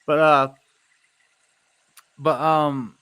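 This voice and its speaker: A man's voice: fairly high pitch, level tone, drawn-out words, fairly bright tone, smooth, no room sound. A man hosting a casual live stream, rambling and losing his train of thought. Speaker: stream host. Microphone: streaming setup.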